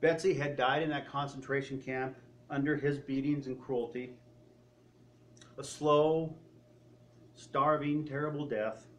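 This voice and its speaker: Man preaching, telling a story quietly. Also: mid-range voice, steady tone, a little slow, long pauses. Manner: retelling a story with quoted speech, often trailing off quietly. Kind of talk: sermon storytelling.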